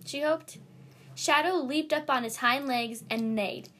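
A woman reading her own story aloud in a plain, slightly halting way with small restarts. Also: high-pitched, pushed and bright.

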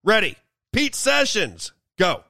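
A man's voice: sits high, big pitch swings, takes it slowly, gravelly, pushed and bright, dry recording. A male host giving a sarcastic, mocking political commentary monologue.

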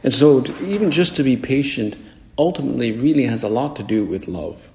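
A man's voice: mid-range voice, lively intonation, fairly quick, a little mellow, a little hiss or hum. A man, a priest, preaching a homily in a conversational way and acting out the voices he quotes. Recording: echoey hall with long reverb.

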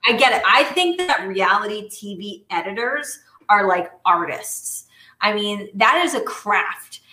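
Bright animated woman in an echoey room. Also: mid-range voice, a little slow. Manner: animated, exasperated, many fillers. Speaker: podcast co-host. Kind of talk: casual chat.

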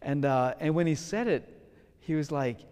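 A man preaching a sermon with passion, swinging between loud pleading prayer and hushed, gentle speech. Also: on the high side, moderate pace, clear, resonant tone, in a large hall.

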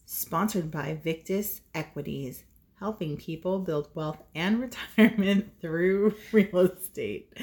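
A woman co-hosting a podcast, chatting casually in quick bursts. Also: on the low side, a little mellow. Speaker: podcast co-host. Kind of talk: casual chat.

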